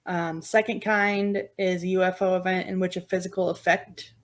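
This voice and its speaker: A woman with a somewhat low voice, co-hosting a casual podcast. She explains points in an even, measured way between easygoing chat. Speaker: podcast co-host.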